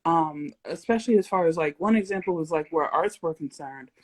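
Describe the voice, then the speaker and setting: A woman's voice: deep voice, a little fast, a little mellow. A young adult woman hosting a casual livestream interview, playful and rambling, breaking into giggles and silly sound effects. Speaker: host.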